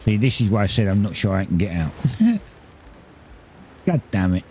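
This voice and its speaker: A low-voiced man chats his way through a building game, explaining each step as he goes and often stopping to correct himself. His talk is loose and unscripted, with a faint hiss of background noise under the voice. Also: big pitch swings, moderate pace, a little mellow. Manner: rambling, self-correcting, explains building steps. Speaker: gaming streamer. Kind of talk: casual gameplay commentary.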